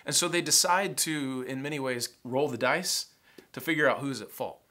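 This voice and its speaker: A pastor preaching a sermon in a church sanctuary, a man with a Southern American accent who acts out scenes in an animated way. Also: mid-range voice, normal speed. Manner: animated, acts out the sailors' panic in a raised voice.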